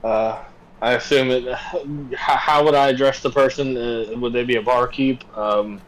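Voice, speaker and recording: A man taking part as a player in a tabletop game, speaking plainly and asking questions. His voice sits at a middle pitch. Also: steady tone, measured pace, low-quality recording. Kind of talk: casual tabletop game play.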